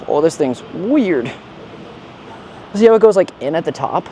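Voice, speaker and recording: A man's voice: a little high, normal speed, dark tone, slight background noise. A young man ranting and joking in a gym, casual and full of profane slang. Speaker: fitness vlogger. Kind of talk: casual gym vlog rant.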